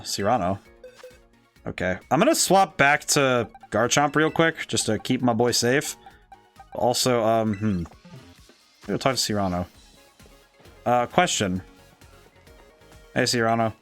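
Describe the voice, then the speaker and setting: A man streaming a video game with a dry, cracking throat, thinking aloud and breaking into excited, disbelieving outbursts. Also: medium pitch, a little slow, pauses often, soft background music. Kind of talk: casual let's-play commentary.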